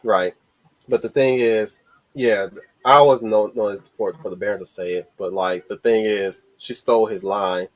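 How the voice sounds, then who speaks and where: Excited, rambling man talking movies. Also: fairly low pitch, normal speed. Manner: excited, rambling, many restarts and swearing. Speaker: host. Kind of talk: casual movie discussion on a stream.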